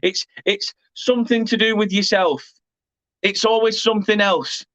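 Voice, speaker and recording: A man's voice: sits high, fairly even intonation, moderate pace, a bit bright, no room sound, poor audio. A man with an English accent who hosts a football fan channel, ranting angrily and swearing while repeatedly apologising. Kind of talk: angry rant to camera.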